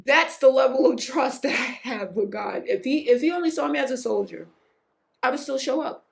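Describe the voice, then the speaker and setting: A woman hosting her own podcast, telling a personal story in an earnest, emotional way that sometimes rises almost to a shout. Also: moderate pace, creaky. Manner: emotional, earnest, rising to near-shouts at high points; breaks off to hush a pet in a low, quiet voice. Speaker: podcast host.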